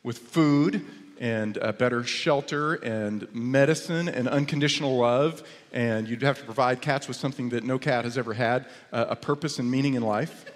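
A middle-aged male pastor preaching a sermon, telling stories with humor and rising into lively exclamations. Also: medium pitch, normal speed. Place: church sanctuary. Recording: long reverb of a church hall.

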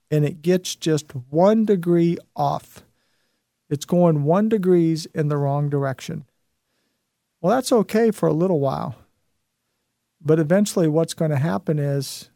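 A man's voice: fairly high pitch, vocal fry, warm tone, dry recording, studio quality. A man in his fifties hosting a show, giving an emphatic motivational talk and repeating his key phrases. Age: 50s. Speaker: host.

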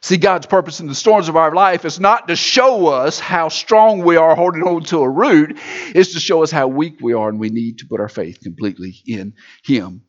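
A man's voice: a little high, moderate pace. A man preaching a sermon in a church, with a rhythmic, repetitive, building delivery, heard on a dull recording. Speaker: pastor.

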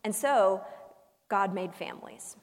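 A woman pastor delivering a sermon as a humorous story, with dramatic pauses and shifts between loud emphasis and hushed soft lines. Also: medium pitch. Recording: long reverb of a large hall.

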